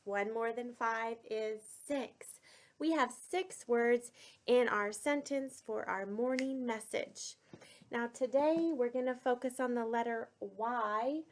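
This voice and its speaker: Pre-K teacher, woman, 40s. Very slow, carefully enunciated sing-song delivery, slightly high voice. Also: fairly bright tone. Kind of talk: online lesson for young children.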